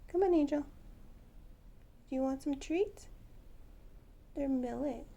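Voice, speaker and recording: A woman's voice: sits high, takes it slowly, vocal fry, mellow. A woman chatting at home to her pet birds in a doting, teasing baby-talk way. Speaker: pet bird vlogger. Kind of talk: casual chat to pet birds.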